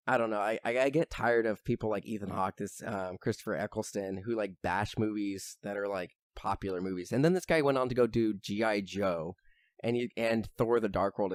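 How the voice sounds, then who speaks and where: A man's voice: fairly low pitch, fairly even intonation, fairly quick, no echo. A young man chatting on a podcast, rambling with lots of fillers and now and then swearing as he gets worked up. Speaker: podcast host. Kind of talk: casual chat.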